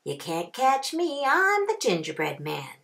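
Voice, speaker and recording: A woman voicing a boastful gingerbread cowboy who taunts in a high singsong chant. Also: huge pitch swings, measured pace, creaky, a bit bright, full character voice. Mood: taunting. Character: boastful gingerbread cowboy boy, cocky runner.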